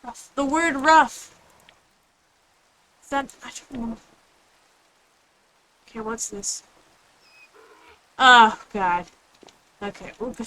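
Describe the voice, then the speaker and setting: Woman game streamer, bright clear voice, slightly high, rambling casual chat, faint room hiss. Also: poor audio. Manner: chatty, rambling, reads chat aloud. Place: home room with others nearby.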